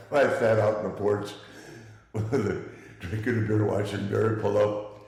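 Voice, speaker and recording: Older man, low voice, echoey room. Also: little pitch movement, measured pace, gravelly, a little mellow. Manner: rambling, chuckling, restarts sentences. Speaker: interview guest. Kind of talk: casual interview storytelling.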